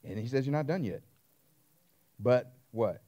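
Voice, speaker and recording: A man's voice: medium pitch, expressive, a little slow, dark tone. A man preaching a sermon as pastor, emphatic and repetitive, calling out questions to his congregation.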